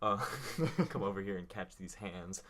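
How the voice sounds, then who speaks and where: A man's voice: deep voice, measured pace, background noise. A young man hosting a podcast, chatting casually, rambling, swearing and laughing often. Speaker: podcast host. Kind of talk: casual chat.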